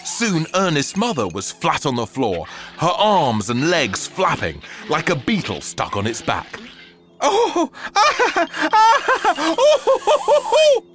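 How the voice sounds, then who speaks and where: A man narrating a children's story aloud with an expressive, theatrical delivery. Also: mid-range voice, a little slow, hardly any pauses, faint music behind.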